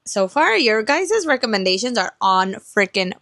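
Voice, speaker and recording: Young female book vlogger; casual, animated chat with frank swearing; dry close-mic sound. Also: a little high, moderate pace, dry recording. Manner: chatty, animated, swears freely, quiet muttered reactions while reading. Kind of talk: casual reading vlog chat.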